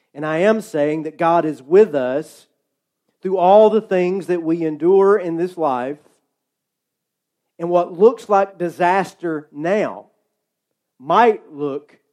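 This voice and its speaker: Man preaching slow with big pauses, bit high voice, leans hard on words. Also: a little mellow. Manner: slow, emphatic delivery with dramatic pauses. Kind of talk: sermon.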